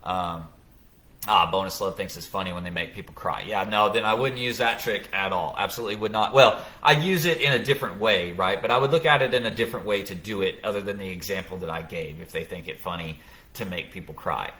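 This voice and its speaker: A man's voice: low-pitched, a little fast, sharp tone. A middle-aged man hosting a casual live podcast, thoughtfully explaining parenting ideas with examples and frequent restarts. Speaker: podcast host.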